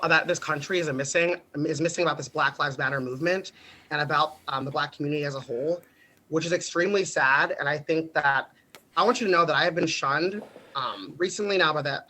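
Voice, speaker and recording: A man's voice: fairly high pitch, pushed and bright, slight background noise, low-quality recording. A young man from the United States telling stories animatedly on a podcast, laughing often and swearing freely. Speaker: podcast guest. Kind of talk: casual storytelling.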